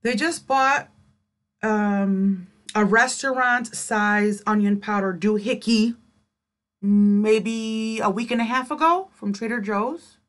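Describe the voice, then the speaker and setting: A woman's voice: mid-range voice, slow. Sarcastic woman reacting to a clip. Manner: sarcastic, incredulous. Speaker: reaction commentator. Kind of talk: reaction commentary.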